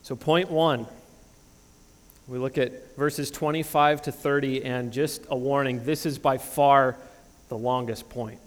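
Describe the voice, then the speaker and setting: A man's voice: mid-range voice, fairly even intonation, measured pace. Man in his thirties, pastor, emphatic sermon delivery, church hall echo. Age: 30s. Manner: earnest, emphatic preaching with frequent restarts. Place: church sanctuary.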